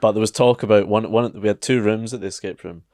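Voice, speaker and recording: A man's voice: lowish voice, steady tone, fast, a little mellow, no echo, studio quality. A man co-hosting a podcast, telling an anecdote in casual chat with wry, sarcastic asides. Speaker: podcast co-host.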